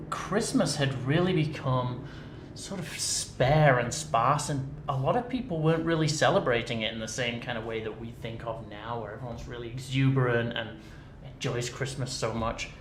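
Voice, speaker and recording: A man's voice: mid-range voice, slight background noise. A man from England with an English accent, chatting casually and explaining. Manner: relaxed, explaining. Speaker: actor. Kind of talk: live stream chat. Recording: echoey room.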